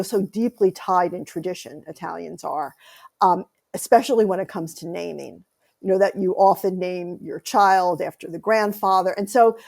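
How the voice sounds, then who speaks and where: American woman author chatting on a podcast, kinda gravelly fry in her voice, tells stories with lots of energy. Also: lowish voice, a little mellow. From United States. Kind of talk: conversational interview.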